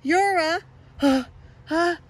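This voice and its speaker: A woman's voice: very high-pitched, slow pace, pitched above the performer's own voice, low-quality recording. A woman voicing a teasing jungle animal that mocks a little mouse, in a storybook read-aloud. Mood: mocking. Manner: mocking, scoffing.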